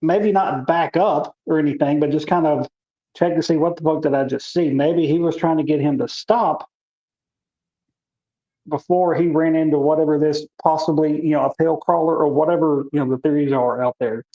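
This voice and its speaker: A woman's voice: sits low, fairly even intonation, normal speed. Woman with a roomy lo-fi sound. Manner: laid-back, speculative, casually swearing. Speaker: podcast co-host. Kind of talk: casual chat.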